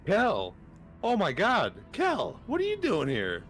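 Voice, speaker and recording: Easygoing man player, lively pitch. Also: slow pace, soft background music. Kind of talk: casual tabletop game chat.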